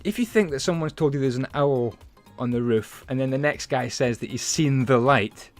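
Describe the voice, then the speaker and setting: Soft background music accompanies a man hosting a laid-back Minecraft building video, who narrates his build and tells stories with lots of fillers and tangents. His voice is medium-pitched and his pace moderate.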